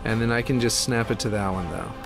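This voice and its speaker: A man's voice: lowish voice, fast, creaky, over music. Man thinking aloud while building. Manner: chatty, thinking aloud, puzzled muttering. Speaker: map builder streaming his work. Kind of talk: casual talk while working on a game map.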